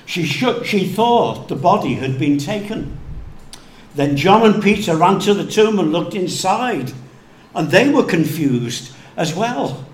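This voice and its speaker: A male pastor preaching a sermon slowly and deliberately, dropping to hushed tones for emphasis. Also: on the high side. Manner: slow, deliberate preaching with hushed dramatic drops. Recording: echoey room with faint background noise.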